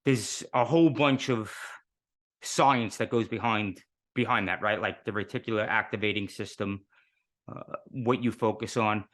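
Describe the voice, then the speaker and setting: A man's voice: lowish voice, steady tone, moderate pace, a bit bright. New guy in his 50s, chatty interview guest, earnest, lots of rhetorical questions. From New York City. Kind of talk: casual interview talk.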